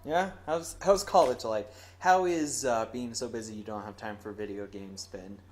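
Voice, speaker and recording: A man's voice: lowish voice, normal speed, a little mellow. Rambling, self-mocking young man hosting. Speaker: podcast host. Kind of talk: casual chat.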